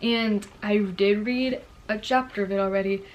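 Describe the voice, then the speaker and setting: A woman's voice: medium pitch, fairly even intonation, moderate pace. A young woman chatting casually to camera as a book vlogger, bubbly and full of fillers. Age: young adult. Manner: bubbly, chatty, lots of "like" and "girlie".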